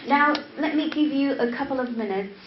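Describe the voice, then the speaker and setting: A woman's voice: sits high, normal speed, slight background noise. A woman in her fifties from China, lecturing as a university English teacher, repeating key words and checking in with her students. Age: 50s. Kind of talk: classroom lecture. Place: classroom. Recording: echoey lo-fi classroom recording.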